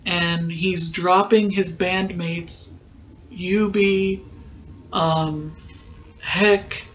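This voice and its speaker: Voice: mid-range voice, steady tone, extremely slow, fairly bright tone, dull audio. A podcast host giving a casual, rambling recap of a TV episode, with many filler ums.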